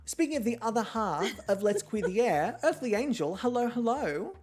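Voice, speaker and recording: A woman's voice: fairly high pitch, expressive, moderate pace, a little mellow. A woman hosting a live-streamed online show, chatty and joking with a theatrical edge. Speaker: host.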